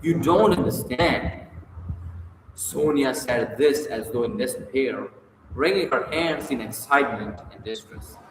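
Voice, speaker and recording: A man reads a classic novel aloud at a live session, measured and expressive in middle pitch. His voice echoes in a roomy space with long reverb and faint noise behind. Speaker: reader.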